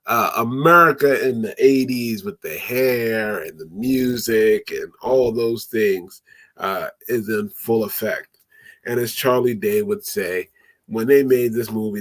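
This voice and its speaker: A man casually recapping an old movie, animated and laughing as he acts out the characters' lines. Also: medium pitch, dry recording. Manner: animated, laughing, acting out quotes in voices. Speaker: podcast host.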